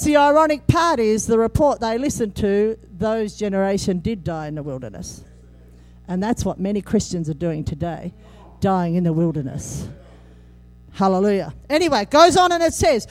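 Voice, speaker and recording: Animated woman preaching a sermon. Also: normal speed. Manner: animated, humorous, acts out quotes with big pitch jumps.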